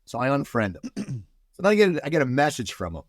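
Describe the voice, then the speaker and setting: A man from the United States talks as a podcast guest, his pitch bouncing up and down as he tells stories. He often restarts his sentences and circles back before getting to the point. The sound is close and dry, with no room around it. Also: fast, no echo. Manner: animated storyteller, many restarts. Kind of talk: casual podcast chat.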